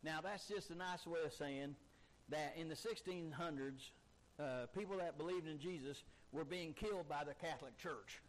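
Guy preaching hard, pretty high voice, keeps hammering the same question. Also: normal speed, poor audio. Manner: emphatic preaching with repeated rhetorical questions. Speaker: pastor. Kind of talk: sermon.

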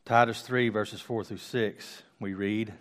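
A man teaching a Bible study, reading scripture aloud and then going back over it slowly with restarts and casual asides, recorded on a close microphone. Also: fairly low pitch, steady tone.

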